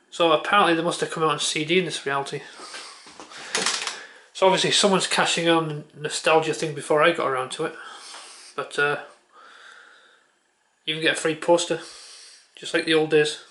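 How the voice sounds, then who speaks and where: A man's voice: on the high side, steady tone, normal speed, long pauses, bright, forceful tone. A man vlogging at home, chatting offhand with a handheld camera, muttering and swearing casually. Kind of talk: casual chat.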